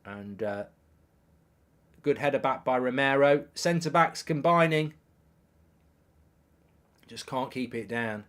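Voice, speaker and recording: A middle-aged man hosting a live football watchalong, commenting on the match and reading out viewer messages with bursts of excitement. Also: medium pitch, slow, pauses often. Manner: excitable, reads viewer messages aloud, repeats himself.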